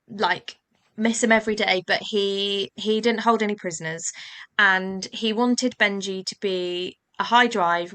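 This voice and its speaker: A woman's voice: medium pitch, pushed and bright. A woman hosting a casual podcast conversation who tells chatty anecdotes and briefly acts out voices in her stories. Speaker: podcast host.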